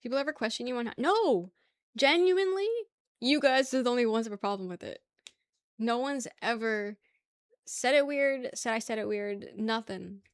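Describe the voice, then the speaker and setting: A young woman with a New York accent chats with her viewers in a slightly high voice. She teases and argues playfully and laughs often. The sound is dry and close. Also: moderate pace, no echo. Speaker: streamer. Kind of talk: casual chat with viewers.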